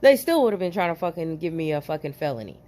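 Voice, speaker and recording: Talking fast in a low voice, the ex-cop from New Jersey recounts a story on camera with plenty of swearing, emphasis, and sudden laughter.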